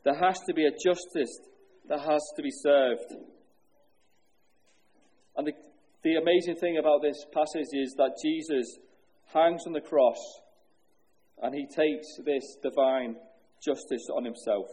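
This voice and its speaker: A pastor preaches an earnest sermon from the pulpit in a husky, mellow voice that sits a little high. He poses questions to the congregation and goes low and slow on solemn words.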